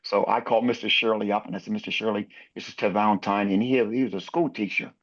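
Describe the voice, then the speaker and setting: A man's voice: lowish voice, fairly even intonation, quick pace, dull audio. A man in his sixties, a basketball referee, telling anecdotes in a podcast interview and acting out other people's lines.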